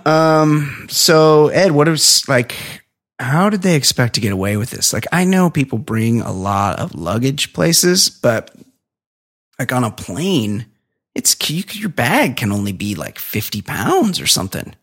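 Male podcast co-host, mid-pitched voice, casual and profane, reads headlines and cracks jokes. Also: big pitch swings, unhurried, a bit bright. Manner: profane, jokey, reads stories then riffs on them. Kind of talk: casual chat, reading news aloud.

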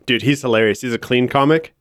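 Swearing laid-back young podcast co-host. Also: male voice, medium pitch, quick pace, clear, resonant tone, dry recording, clean studio sound. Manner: laid-back, swears often, says "like" and "dude" a lot. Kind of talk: casual chat.

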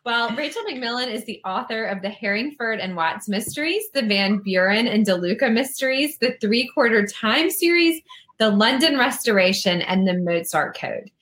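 A woman host with a fairly high voice, gushing with enthusiasm as she introduces and questions a guest. Her talk is warm in tone and full of exclamations, loose and conversational. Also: lively intonation, normal speed. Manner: effusive, enthusiastic. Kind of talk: casual interview chat.

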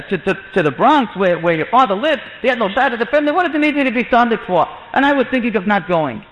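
High-voiced man telling a story in a hall. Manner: animated, acts out quoted voices with rising pitch. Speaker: storyteller, mohel. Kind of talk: telling an inspirational religious story. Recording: muffled lecture in a reverberant hall.

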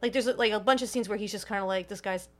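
Fast-talking woman chatting casually. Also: mid-range voice, a crowd in the background. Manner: rambling, many fillers and restarts. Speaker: podcast co-host. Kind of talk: casual chat about a film.

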